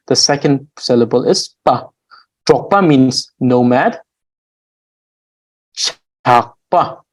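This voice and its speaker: A male language teacher gives a recorded grammar lesson, explaining slowly and patiently with frequent fillers and restarts while drawing out example words. His voice is mid-range, and the recording is rough.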